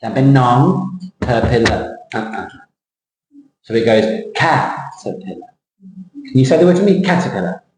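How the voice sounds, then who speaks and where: A man teaching English pronunciation, slowly drawing out words for a student and explaining the rules. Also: mid-range voice, very animated, a little mellow, roomy sound, slight background noise, poor audio. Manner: slow, drawn-out modeling of words, switching into Thai. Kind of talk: classroom pronunciation lesson.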